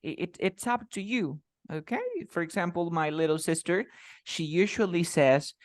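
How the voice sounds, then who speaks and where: Spanish-speaking English teacher, dry sound. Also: male voice, on the high side, lively intonation, moderate pace, no room sound. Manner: explains with many examples and repeats himself. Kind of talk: casual online lesson.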